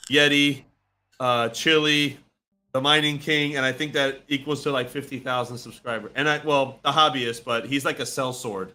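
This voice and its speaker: A man co-hosting a casual livestream, talking in a loud, excitable, hype-filled way. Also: medium pitch, moderate pace. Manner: loud, excitable, pleading and hyping. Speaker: co-host, mining business owner.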